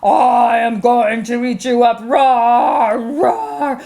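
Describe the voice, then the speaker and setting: A woman voicing a big, hungry male troll in a children's storybook reading, slow and menacing with roars. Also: fairly high pitch, little pitch movement, mellow, pitched below the performer's own voice.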